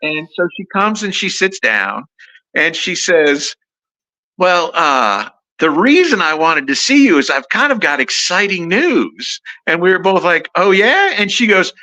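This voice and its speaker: A middle-aged man, a podcast guest, telling a story in a lively, animated way and acting out the voices of people he quotes. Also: high voice, unhurried, poor audio. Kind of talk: casual storytelling.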